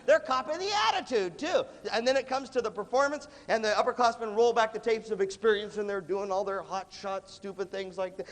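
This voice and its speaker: A man giving an animated live motivational talk to students, often coughing and acting out voices. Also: extremely high pitch, fast. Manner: animated, acts out quoted voices, coughs between phrases. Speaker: motivational leadership speaker. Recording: reverberant hall recording, faint background noise.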